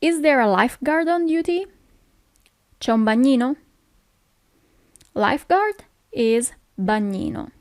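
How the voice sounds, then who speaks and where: An Italian-accented woman giving a recorded language lesson, her voice sitting fairly high. She talks slowly and patiently, pausing to check that the listener follows, and the sound is dry and close with no room around it. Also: lively intonation, dry recording. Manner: patient explaining, often checks with "okay?". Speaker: language teacher.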